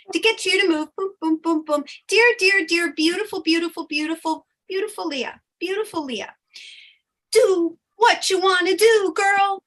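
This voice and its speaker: A woman's voice: very high voice, a bit bright, pitched above the performer's own voice, low-quality recording. A woman channeling a squealing, cheering chorus of fairy guides. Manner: bubbly, pushy cheering, repeats words. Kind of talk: channeled spirit message.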